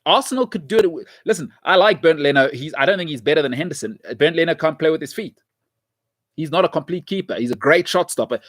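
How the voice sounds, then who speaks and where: A man's voice: fairly high pitch, animated, quick pace, fairly bright tone, dry recording, clean studio sound. A man hosting a show, delivering an opinionated, emphatic football commentary monologue with lots of repetition. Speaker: show host.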